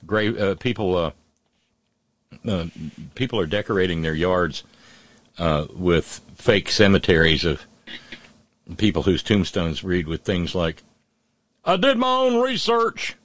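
A man's voice: low-pitched, unhurried, pauses often, dry recording. A man hosting a call-in radio show, talking casually with wry, sardonic asides.

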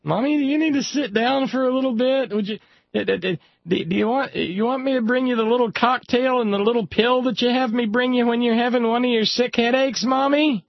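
A man voicing a fretful little child who whines tearfully in a very high voice. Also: fairly quick, gravelly, no room sound, heavily acted. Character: whiny small child, squeaky and fretful. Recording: slightly dull lo-fi sound.

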